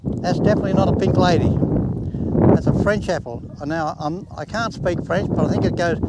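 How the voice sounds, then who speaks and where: Amid very noisy surroundings, an Australian man in his eighties briskly shows his home garden outdoors in a high-pitched voice. It's a casual demonstration, delivered in a plain, folksy manner with rural sayings.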